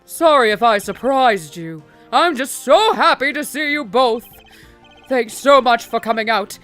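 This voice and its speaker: A woman voicing a large, beaming man with a raised, hearty voice. He gushes warm thanks at volume. Faint music plays behind in this game read. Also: on the high side, expressive, unhurried. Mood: effusive. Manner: loud, overjoyed greeting. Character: big, cheerful, effusive man awaiting trial.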